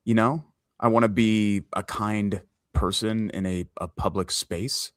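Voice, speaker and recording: A man co-hosting a sports talk show from a hotel room, talking in a hushed, easygoing way. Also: on the low side, fairly even intonation, unhurried, no room sound, clean studio sound. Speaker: podcast co-host.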